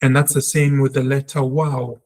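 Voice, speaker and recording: A man giving a spoken language lesson, talking earnestly and reflectively, and repeating sounds slowly to show how they are said. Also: mid-range voice, little pitch movement, vocal fry, darkish tone. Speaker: Hebrew teacher.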